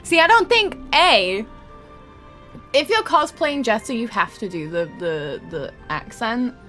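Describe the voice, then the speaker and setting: A woman's voice: on the high side, sing-song, measured pace, bright, forceful tone, soft background music. A young adult woman streaming a game, chatting casually with her viewers, laughing often and swearing freely. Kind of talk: casual live-stream chat.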